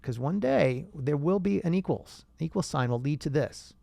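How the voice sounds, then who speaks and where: Animated man talking straight to viewers. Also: fairly high pitch, moderate pace, creaky, dry recording. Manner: animated, rhetorical, talks straight to viewers, swears. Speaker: host. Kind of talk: casual monologue.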